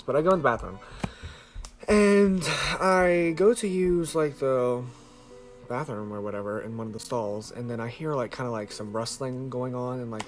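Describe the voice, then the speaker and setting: A man vlogging to a camera held close, telling a story casually in a rambling way, swearing freely and filling with "like". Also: mid-range voice. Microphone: handheld camera close to face.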